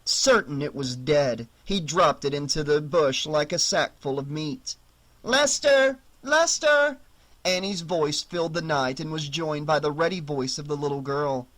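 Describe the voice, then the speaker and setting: A man narrating a horror novel audiobook in a steady, measured storytelling voice. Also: fairly high pitch.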